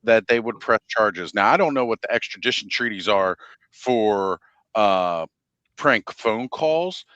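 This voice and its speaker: A man's voice: lowish voice, animated, measured pace, a bit bright, no room sound, highs cut off. A man hosting a live stream, telling a story in casual chat and laughing at his own jokes.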